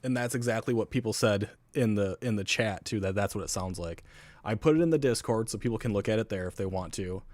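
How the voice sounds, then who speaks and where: Man, low pitch, casual podcast chat, swears freely, dry close sound. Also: fast, a little mellow, dry recording. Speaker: co-host.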